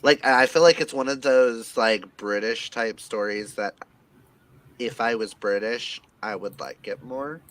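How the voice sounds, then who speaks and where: A man's voice: medium pitch, measured pace. A man chatting casually and dramatically about books with friends over a video call. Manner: animated, jokey and dramatic. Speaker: book vlogger. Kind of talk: casual chat.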